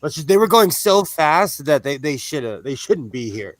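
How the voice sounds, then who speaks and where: Lively-pitched American man joking around. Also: normal speed, no room sound. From United States. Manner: animated, playful, puts on a low sexy voice. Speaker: panelist. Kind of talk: casual group chat.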